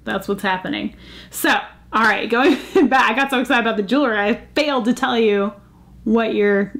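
A woman hosting a casual jewelry vlog, chatty and easily excited, gasping over pieces she finds. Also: mid-range voice. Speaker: jewelry channel host.

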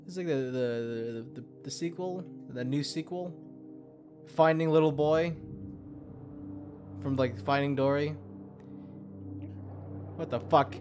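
A man's voice: fairly high pitch, slow pace, long pauses, over music. Young man cursing through a game. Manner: swears a lot, mutters to himself, sudden yelps of alarm. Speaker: gameplay commentator. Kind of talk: profane let's-play commentary.

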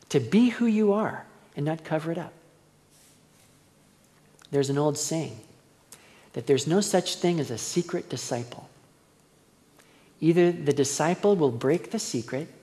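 A man's voice: fairly high pitch, lively intonation, measured pace, pauses often, darkish tone. A male pastor preaching a verse-by-verse sermon in a conversational, storytelling way. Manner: conversational storytelling, acts out quoted voices. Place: church hall. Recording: long church reverb.

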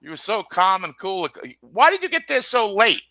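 A man co-hosting a casual podcast chat, teasing his friends and probing them with jokes. His voice is bright and sits a little high, with lively swings in pitch. The sound is close and dry. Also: normal speed, dry recording. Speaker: podcast co-host.

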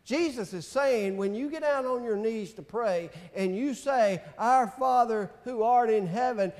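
Male pastor, deliberate and emphatic sermon delivery, unhurried pace, church sanctuary. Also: extremely high pitch, a little mellow, long reverb tail. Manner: slow, emphatic preaching with scripture readings.

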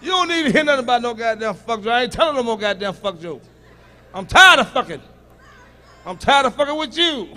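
A male stand-up comedian performing a profane set, teasing the audience and shouting punchlines at them. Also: very high-pitched, expressive, brisk.

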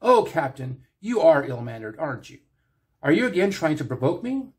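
A man's voice: on the high side, big pitch swings, normal speed. A man voicing Trelane, a flamboyant and childish godlike male aristocrat, in a theatrical, sing-song and haughty manner, in a fan story reading. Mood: taunting.

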